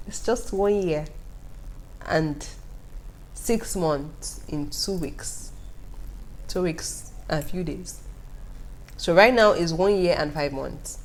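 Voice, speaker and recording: A young woman, telling stories to her viewers in a casual vlog with an animated, laughing manner. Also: fairly low pitch. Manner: animated, laughing often, talking straight to viewers. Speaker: vlogger. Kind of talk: casual storytelling to camera.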